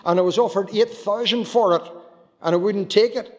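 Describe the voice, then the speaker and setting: A man's voice: high-pitched, normal speed, darkish tone, long reverb tail, voice pushed up, close to an everyday voice. A man with a Northern Irish accent, quoting a proud farmer boasting about his prize calf. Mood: boastful.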